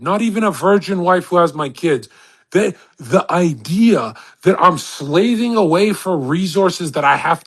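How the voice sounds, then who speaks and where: A man's voice: sits high, a bit bright, husky. A man hosting a live audio chat room, boasting and ranting crudely in a rambling way, with many restarts and acted-out quotes.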